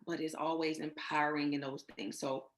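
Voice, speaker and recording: A woman's voice: low voice, level tone, fairly quick. A woman guest telling her personal infertility story in an interview, emotional and full of faith, often quoting what others said. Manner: emotional, faith-filled, retells others' words.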